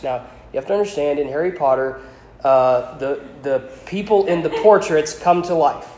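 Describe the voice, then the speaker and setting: Higher-voiced man reading a novel aloud. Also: normal speed, a little mellow, echoey room, rough recording. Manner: informal asides, with hesitations and repeats.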